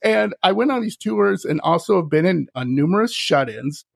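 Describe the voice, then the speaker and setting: Male podcast host, gravelly voice, lively storyteller who acts out the people he quotes. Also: high voice, moderate pace, dry recording. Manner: animated, laughs often, acts out voices in his stories. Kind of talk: casual storytelling chat.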